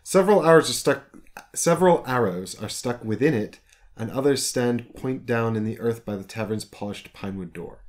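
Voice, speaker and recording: A man's voice: mid-range voice, lively intonation, moderate pace. A man narrating a tabletop storybook game, reading descriptive text aloud steadily, with small stumbles and restarts.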